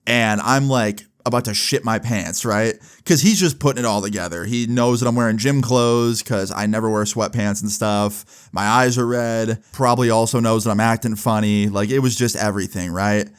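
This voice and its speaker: A young man telling a personal story in a casual vlog, animated, with lots of fillers. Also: lowish voice, normal speed, hardly any pauses, clear, resonant tone. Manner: animated, swearing, fillers like "like" and "right". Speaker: vlogger.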